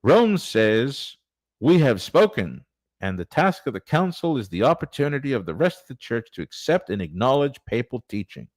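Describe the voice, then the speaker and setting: A man's voice: very animated, normal speed, no room sound. A man putting on a stiff English priest-scholar. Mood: lecturing. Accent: put-on English. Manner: lilting, raised pitch, self-admittedly clumsy accent. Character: older English male priest-scholar, matter-of-fact.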